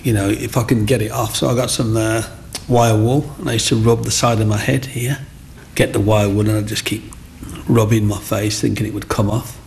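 A middle-aged man, telling his life story in an interview in a chatty, animated way. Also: fairly low pitch, a little fast, gravelly, slight background noise. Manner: chatty, animated, acts out voices in anecdotes. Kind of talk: personal storytelling.

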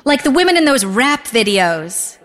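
A woman putting on a showy, breathy mother. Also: high-pitched, very animated, moderate pace, big-room sound, voice pushed up. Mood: showy teasing. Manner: theatrical, breathy, attention-seeking. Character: flamboyant flirty single mother, middle-aged woman.

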